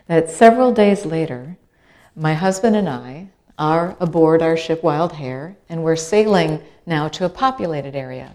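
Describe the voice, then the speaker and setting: Middle-aged woman, animated storyteller. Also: sits low, unhurried. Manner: animated storyteller, acts out quoted voices; repeats phrases for rhythm. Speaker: author and speaker. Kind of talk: storytelling talk.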